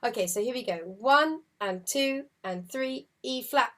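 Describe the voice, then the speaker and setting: A woman's voice: high-pitched, a little slow, heavy background noise. A woman teaching an online group harp lesson, counting rhythms aloud and singing the notes in an encouraging way. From United Kingdom. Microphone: video call setup. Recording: loud harp playing behind the voice.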